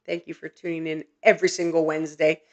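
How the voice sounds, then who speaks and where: A gentle, earnest woman hosting a live psychic reading. She reassures her listeners softly and hesitates often with ums and restarts. Her voice carries quiet emotion. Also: low voice, flat delivery, fast. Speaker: psychic medium host. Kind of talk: live-streamed spirit reading.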